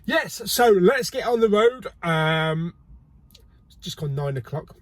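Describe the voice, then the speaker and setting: Brief: male vlogger, high, lively voice, unhurried, jokey and cheeky, dry close sound. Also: dry recording. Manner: cheeky, jokey, swears casually. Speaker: video host. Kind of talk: casual vlog chat. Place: car and multi-storey car park.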